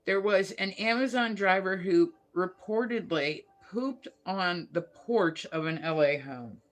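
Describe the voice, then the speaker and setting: A woman's voice: on the low side, unhurried. A woman hosting a casual morning livestream, rambling through stories with lots of fillers and laughing at herself. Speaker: livestream host.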